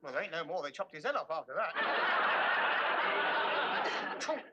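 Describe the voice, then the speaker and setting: A blustering middle-aged husband who trips over his words in a flustered stammer. His pitch swings widely as he talks. Heavy hiss runs under the old broadcast audio. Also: sing-song, slow pace, muffled recording. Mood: joking. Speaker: sitcom husband. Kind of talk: 1970s studio sitcom acting.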